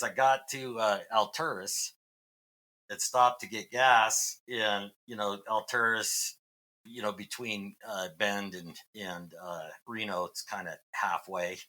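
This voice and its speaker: A man's voice: lowish voice, sharp tone. Rambling man telling a road story. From Massachusetts. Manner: rambling, many fillers and restarts. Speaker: guest. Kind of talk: casual storytelling.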